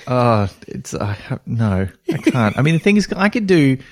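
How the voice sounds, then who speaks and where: A man's voice: medium pitch, big pitch swings, normal speed. A man chatting as a podcast guest, a writer and voice actor, easygoing and laughing often, playfully dodging questions. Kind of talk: casual chat.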